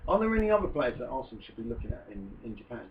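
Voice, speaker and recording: A man's voice: mid-range voice, very animated, rapid-fire. Chatty man on a tinny distant line. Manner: chatty, joking, puts on mock French accent in quotes. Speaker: podcast host. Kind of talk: casual football chat. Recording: distant lo-fi phone-like sound with faint hiss.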